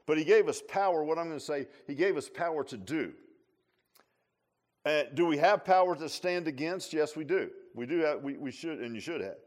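A pastor giving a conversational sermon in a folksy manner, often repeating and restarting phrases and adding humorous asides. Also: male voice, on the high side, animated, moderate pace.

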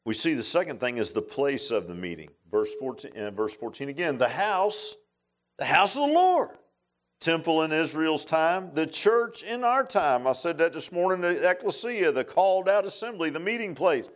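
A man's voice: on the high side, very animated, normal speed. A man preaching a sermon in a folksy, emphatic way, with many asides to the congregation. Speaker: pastor.

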